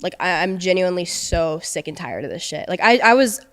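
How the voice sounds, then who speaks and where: Her pitch swings widely as this young woman, a podcast guest, casually recounts a personal story and quotes what was said. She speaks a little fast, with a fairly low, fairly bright voice.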